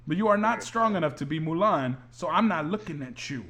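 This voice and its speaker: Male podcast host, higher voice, casual and opinionated, joking. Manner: animated, opinionated, quick jokes. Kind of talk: casual chat.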